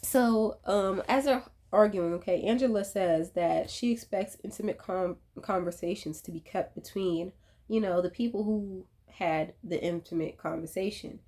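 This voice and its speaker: A woman casually recapping a reality TV episode, animated and profane, with laughing asides. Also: mid-range voice, normal speed. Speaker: reality TV commentator.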